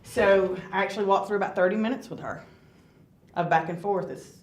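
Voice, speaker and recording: A woman guest speaker gives a personal testimony in a mid-range voice, speaking a little fast. She's earnest and conversational and asks the audience questions, and the audio has a roomy church hall sound.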